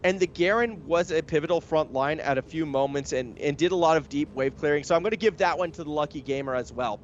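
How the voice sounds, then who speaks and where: A man's voice: fairly high pitch, fast, muffled recording, a little hiss or hum. A young man giving live commentary on an esports match, chatty and analytical, speeding up when the action heats up. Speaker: esports caster.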